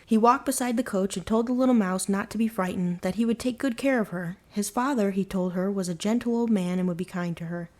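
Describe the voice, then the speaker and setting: A woman narrating a folktale as a bedtime story, calm and unhurried in her telling. Her voice sits at an ordinary middle pitch for a woman. The reading is even and soothing in its manner.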